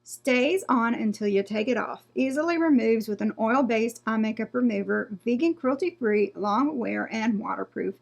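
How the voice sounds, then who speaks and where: Chatty gravelly-voiced woman with a lilt. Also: on the high side, normal speed, hardly any pauses. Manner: chatty, reads product blurbs aloud, trails off and restarts. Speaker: beauty vlogger. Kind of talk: casual unboxing chat.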